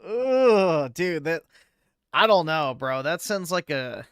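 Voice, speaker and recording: Male streamer reacting, unhurried, crude and mocking, clear dry voice. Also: on the high side, sing-song, fairly bright tone, no room sound. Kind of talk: casual reaction commentary.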